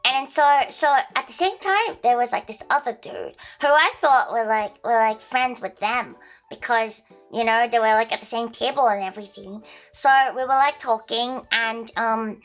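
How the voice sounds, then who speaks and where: A woman's voice: a little high, moderate pace, fairly bright tone, faint music behind. A young woman with an Australian accent telling a rambling story casually on a livestream, full of restarts and fillers.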